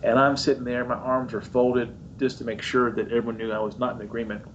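A fast-talking man preaches a sermon built on a story from his own life, acting out the voices in it. He's an animated storyteller, playing himself and others with high, squeaky jumps. The audio is dull with a little hiss or hum.

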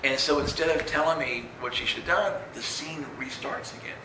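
A man telling a story in a casual, rambling way, often asking "right?" and jumping high when quoting himself. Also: brisk, background noise. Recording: roomy echo.

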